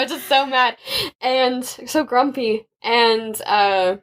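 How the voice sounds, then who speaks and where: A woman's voice: a little high, a little slow, a bit bright. A young woman, a podcast guest, telling personal faith stories in casual chat and laughing often.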